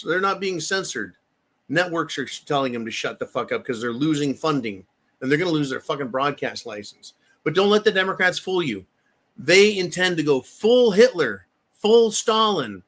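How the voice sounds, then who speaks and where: Casting: slightly high-voiced male host, angry profane political rant, hammering repeated lines. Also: animated, moderate pace, fairly bright tone. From United States. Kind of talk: heated political commentary.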